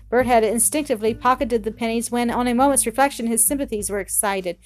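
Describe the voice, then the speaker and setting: A woman reads an old story aloud at a steady pace, sometimes stumbling and restarting a word. Her voice sits a bit high. Faint music plays underneath. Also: quick pace, few pauses. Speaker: narrator. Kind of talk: audiobook reading.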